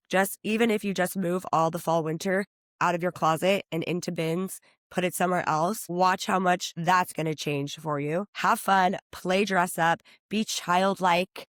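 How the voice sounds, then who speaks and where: A woman in her thirties, a personal stylist guest on a podcast, talking in an upbeat, chatty way and acting out quotes in higher voices. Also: dry recording, clean studio sound. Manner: enthusiastic, chatty, acts out quotes with high-pitched voices.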